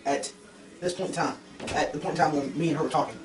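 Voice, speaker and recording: This young man, a trapper vlogger, talks to his viewers in a casual, rambling way from his fur shed, fixing his words as he goes. His fairly high voice is fast and fairly even in intonation, heard over music and from far off in the echoing shed.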